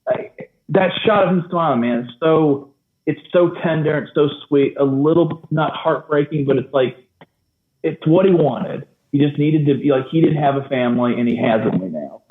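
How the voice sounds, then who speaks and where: A man's voice: fairly high pitch, moderate pace, roomy sound. Chatty man on a tinny line. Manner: animated, laughs often. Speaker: podcast co-host. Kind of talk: casual film discussion.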